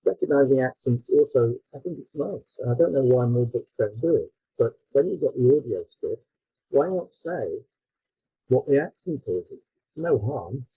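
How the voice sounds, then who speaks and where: A man presenting his textbook at a conference, explaining with fillers and quick self-corrections. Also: mid-range voice, animated, breathy edge, no room sound, narrow, tinny audio.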